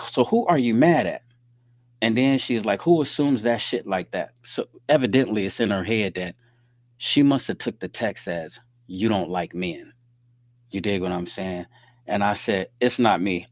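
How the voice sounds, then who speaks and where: A man hosting his own podcast, telling a story in a casual, animated way and reading out text messages. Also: fairly low pitch, no echo. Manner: animated, reads out text messages, frequent "you dig what I'm saying". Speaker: podcast host.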